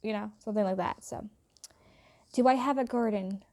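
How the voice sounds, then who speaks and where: A young woman hosts a casual get-to-know-me vlog, chatting playfully and tossing in joking asides. Her accent is American with faint British traces from growing up partly in England. Her pitch sits in an ordinary middle range for a woman. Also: moderate pace, darkish tone. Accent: American with slight British traces. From born in India, raised in England and the US. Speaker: YouTuber.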